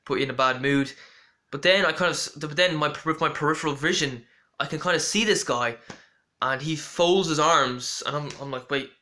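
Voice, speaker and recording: Bright-voiced man telling a story. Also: on the high side. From Ireland. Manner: rambling, with frequent fillers and restarts. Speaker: vlogger. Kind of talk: casual storytelling monologue.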